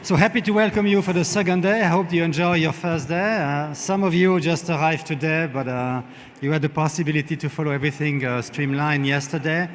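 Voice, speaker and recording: A man, an event organizer, giving halting logistics announcements on a conference stage, searching for words as he goes. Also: on the high side, a little hiss or hum. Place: large conference hall. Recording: long hall reverb.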